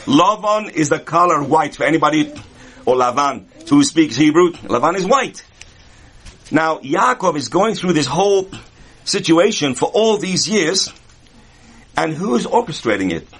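A man's voice: fairly high pitch, animated, unhurried, a bit bright, breathy edge. A man teaching a Kabbalah lesson in a conversational way, with humorous asides and rhetorical questions. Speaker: Torah teacher. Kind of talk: Kabbalah lecture.

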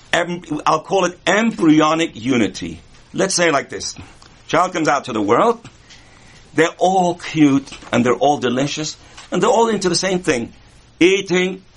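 A man's voice: a little high, fairly bright tone. A man teaching a Kabbalah lesson in a conversational way, with humorous asides and rhetorical questions. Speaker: Torah teacher. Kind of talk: Kabbalah lecture.

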